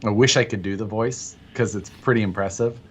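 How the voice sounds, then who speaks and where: A man's voice: fairly low pitch, steady tone, a little fast, husky. A man co-hosting a casual live stream, talking in an easygoing, rambling way with many fillers. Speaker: co-host of a hobby live stream.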